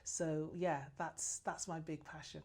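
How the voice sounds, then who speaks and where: A woman's voice: deep voice, level tone, a little slow, darkish tone. A woman answering interview questions as a new business chamber president, passionate and effusive, with frequent restarts.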